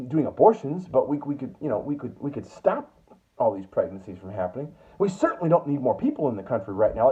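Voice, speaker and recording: A slightly high, husky-voiced man delivers an angry, swearing political monologue full of stammered restarts. The commentator is based in the US Northwest; the recording is tinny and phone-like.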